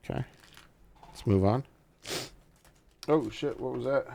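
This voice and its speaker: A man's voice: mid-range voice, slow, vocal fry, a little hiss or hum. A man chatting loosely and profanely as he unboxes and reviews a gaming mouse, joking with his viewers. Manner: profane, excitable, jokey talk to the viewers. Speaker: tech reviewer. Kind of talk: casual unboxing commentary.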